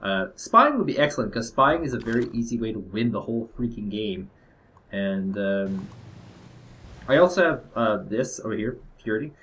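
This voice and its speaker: A man's voice: lowish voice, big pitch swings, normal speed, a bit bright. A young man casually commenting on his own strategy game playthrough, rambling and hesitant with lots of fillers. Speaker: gameplay commentator. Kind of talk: casual let's-play commentary.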